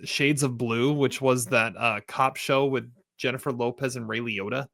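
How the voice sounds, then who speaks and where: A man's voice: medium pitch, moderate pace, creaky, dry recording, studio quality. A man co-hosting a casual TV review podcast, chatting loosely and quoting scenes with laughs. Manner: relaxed, laughs and quotes lines in a raised voice. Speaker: podcast co-host.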